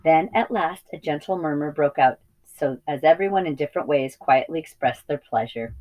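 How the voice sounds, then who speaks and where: A woman with a low voice reads a children's novel aloud, teacher-style, at a steady pace. She now and then stumbles on a word and corrects herself. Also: moderate pace, lo-fi sound. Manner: steady reading with small slips and self-corrections. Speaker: reading teacher. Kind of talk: storybook read-aloud.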